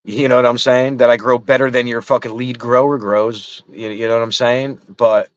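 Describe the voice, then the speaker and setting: Frustrated middle-aged guy cussing a lot, kinda low voice, dry muffled audio. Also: steady tone, normal speed, no room sound. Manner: frustrated, heavy swearing, rambling. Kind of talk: casual chat. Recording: dull lo-fi sound.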